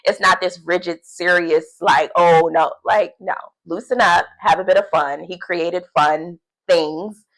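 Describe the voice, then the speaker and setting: A woman talking casually in a devotional video journal, chatty and animated, often laughing and acting out quotes. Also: lowish voice, unhurried, hardly any pauses, poor audio. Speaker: faith vlogger.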